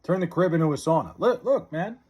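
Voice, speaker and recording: Male streamer, husky voice, lively pitch, loose profane chat with viewers, drawls out joke names. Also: fairly quick. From New York area. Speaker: livestreamer. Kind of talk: casual live stream chat, reading viewer comments. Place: his house.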